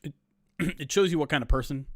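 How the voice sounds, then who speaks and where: A man co-hosting a sports podcast, talking in a measured, thoughtful way. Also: on the high side, dry recording, studio quality. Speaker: podcast co-host. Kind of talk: casual sports podcast chat.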